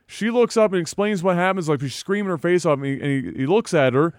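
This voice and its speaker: A man co-hosting a podcast, telling a profane, animated story full of laughter in casual talk. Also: sits high, fast talker, no room sound, clean studio sound. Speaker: podcast co-host.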